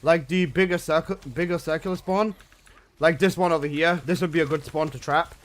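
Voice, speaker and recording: A man streaming a game live, chatting casually with loose, excitable gamer slang. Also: fairly high pitch, fairly quick.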